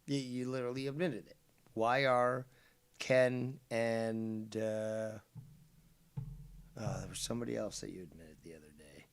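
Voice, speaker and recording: A man with a gravelly voice comments with biting sarcasm on a clip he plays. He sinks into low mutters, then flares into sharp retorts. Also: fairly even intonation, measured pace, long pauses. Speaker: drama commentary host.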